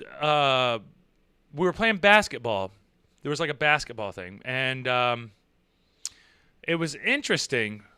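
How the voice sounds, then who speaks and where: A man's voice: on the high side, bright, forceful tone, clear, resonant tone, no room sound, studio quality. A man hosting a casual livestream chat, telling rambling, profane stories and reading viewer messages. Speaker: host.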